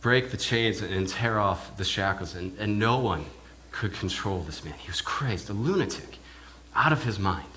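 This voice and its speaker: A minister playing a stammering village pig herder. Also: male voice, fairly low pitch, animated, moderate pace, hardly any pauses, sharp tone, a little hiss or hum. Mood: awed. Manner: hesitant, often repeats and restarts words. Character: adult male village pig herder, awed and talkative. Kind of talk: in-character first-person sermon monologue. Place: church.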